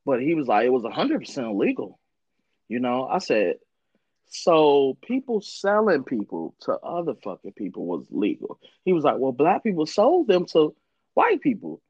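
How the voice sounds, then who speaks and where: A man's voice: medium pitch, huge pitch swings, normal speed, a little mellow, slightly rough, dry recording, dull audio. A man hosting a casual podcast, telling stories with heavy cursing and acting out the people he quotes. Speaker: podcast host. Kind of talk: casual profane chat.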